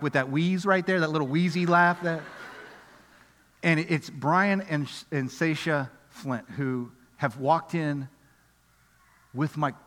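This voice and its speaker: Animated pastor in an echoing church hall. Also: male voice, a little high. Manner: animated, conversational, swings from loud excitement to quiet earnest appeals. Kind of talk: sermon with storytelling. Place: church auditorium. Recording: music under voice in a reverberant hall.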